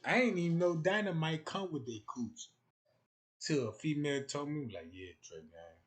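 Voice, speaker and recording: A man's voice: fairly high pitch, normal speed. A young man, rambling loosely on a casual livestream and acting out the voices he quotes.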